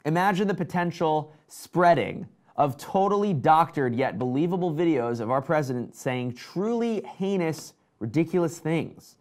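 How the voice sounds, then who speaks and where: A man's voice: a little high, normal speed, hardly any pauses. Chatty man hosting a tech stream. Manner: excited, chatty, reads out viewer comments. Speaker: tech show host. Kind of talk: casual live-stream tech chat.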